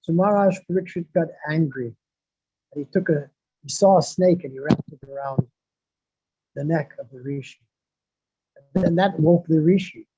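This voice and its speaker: A man's voice: on the high side, moderate pace, pauses often, mellow, husky, no room sound. A man giving a devotional sermon, repeating phrases for emphasis and reciting Sanskrit verses. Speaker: devotional speaker. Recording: dull lo-fi, dry sound.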